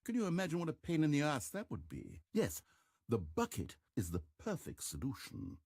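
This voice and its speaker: An actor playing a dry, sarcastic male narrator in a video game, with a wry, deadpan delivery. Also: on the high side, normal speed, husky, dry recording, heavily acted. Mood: sardonic. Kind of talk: game voice acting clip.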